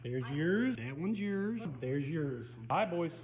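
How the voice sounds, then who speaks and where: A man's voice: fairly high pitch, animated, slow, heavy background noise. A man handing out gifts in a casual family video, playful and teasing. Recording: phone-like audio, loud crowd.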